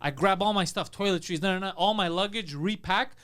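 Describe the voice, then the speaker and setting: A man's voice: high-pitched, fairly quick, fairly bright tone, clean tone. A man telling a comedy story on a podcast, swearing and acting out the people in it with a raised voice.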